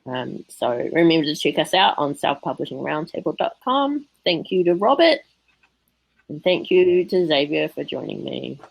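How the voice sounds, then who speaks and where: A woman's voice: low voice, big pitch swings, moderate pace, vocal fry, husky, no echo, low-quality recording. A woman with an English accent hosting a casual podcast panel chat, chatty and laughing often. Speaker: podcast host.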